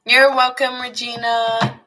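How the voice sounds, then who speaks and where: A woman's voice: on the high side, slow, music in the background, rough recording. A woman giving a casual live tarot reading, chatting to viewers by name between cards. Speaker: tarot reader. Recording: steady background noise.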